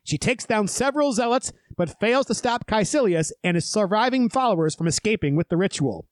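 A man's voice: high voice, fairly quick, no room sound. A man co-hosting a casual podcast, recapping a movie plot and telling stories with frequent laughter. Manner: animated storyteller, laughs often. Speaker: podcast co-host.

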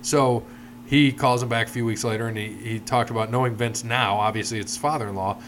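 Middle-aged male podcast host, mid-pitched, rambling and profane, faint background noise. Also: fairly even intonation, brisk. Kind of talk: casual podcast chat.

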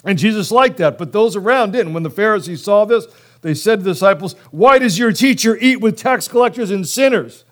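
A male pastor preaching a sermon in an animated, conversational way, acting out biblical dialogue and using casual slang. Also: high voice. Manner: casual slang, quick bursts.

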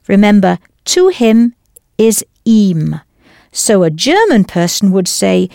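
A woman leading a scripted audio language lesson, explaining patiently and deliberately into a close studio mic. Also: mid-range voice, very animated, creaky, a little mellow, no room sound. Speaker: language teacher.

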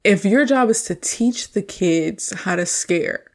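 A woman's voice: medium pitch, takes it slowly. A young woman hosting a podcast, casually recapping a sitcom episode with slangy asides and frequent laughs. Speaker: podcast host. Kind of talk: casual solo review recap.

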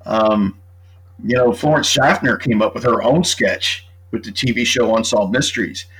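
A man's voice: lowish voice, normal speed, fairly bright tone, husky, low-quality recording. A middle-aged man, an author appearing as a guest, talking casually and laying out his argument point by point. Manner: talkative, builds his case point by point. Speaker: author and true crime guest. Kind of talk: casual podcast conversation.

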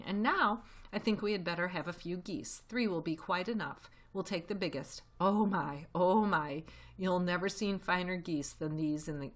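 A woman reading a storybook voices a clever, gleeful fox father who gives grand orders. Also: fairly low pitch.

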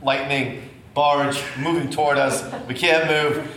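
A middle-aged man preaching as a bishop, telling a personal story in an animated way and acting out the voices. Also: on the high side, a little slow. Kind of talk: storytelling sermon. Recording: echoey room with faint noise.

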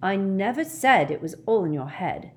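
Woman playing a cheeky teen boy, teasing, offhand, lively pitch, storybook reading. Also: normal speed. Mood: casual. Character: cheeky, easygoing teenage boy.

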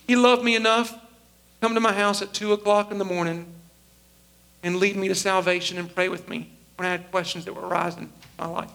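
A pastor, telling a personal story in a sermon and acting out the voices of the people in it. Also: male voice, high-pitched, fairly even intonation, fairly quick, vocal fry, bright, forceful tone.

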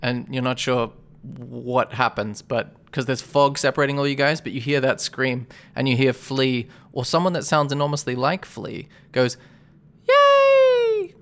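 Casual game-master man, mid-pitched, loose and rambling while narrating a tabletop game. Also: steady tone, normal speed, few pauses, a bit bright. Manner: casual, rambling, thinking aloud.

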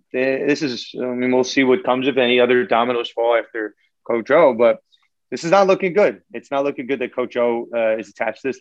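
A man's voice: medium pitch, dry recording. Man chatting, muffled and dry. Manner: rambling, many fillers and restarts. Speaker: podcast co-host. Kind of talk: casual sports chat.

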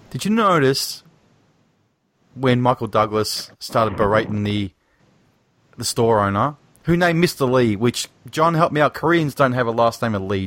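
A man's voice: medium pitch, a bit bright, dry recording. A man co-hosting a casual film discussion, talking bluntly with swearing and jokes. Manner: blunt, profane, joking.

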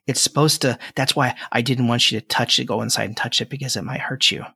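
A man's voice: medium pitch, steady tone, quick pace, gravelly, bright, forceful tone, husky, dry recording, heavily acted. A man voicing a nervous, earnest boy of about ten in a tabletop game, talking in a solemn, chatty, hesitant way.

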